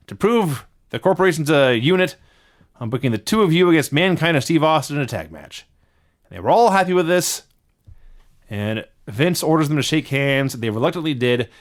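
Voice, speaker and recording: A man co-hosting a wrestling podcast, running through a recap at a fast clip. His pitch moves a lot, and he often laughs as he talks. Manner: quick, laughing recap narration. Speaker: podcast co-host. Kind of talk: casual wrestling recap chat.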